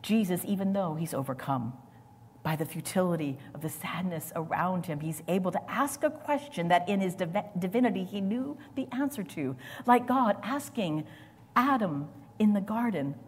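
A woman preacher delivering a sermon with dramatic swings between loud, forceful lines and near whispers. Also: lowish voice, lively intonation, moderate pace, long reverb tail, a little hiss or hum.

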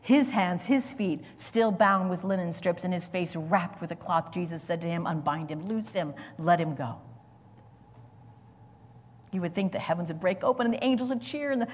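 A woman preaching a sermon in a chatty way, laughing often and building to loud proclamations. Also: on the low side, brisk, hardly any pauses, big-room sound.

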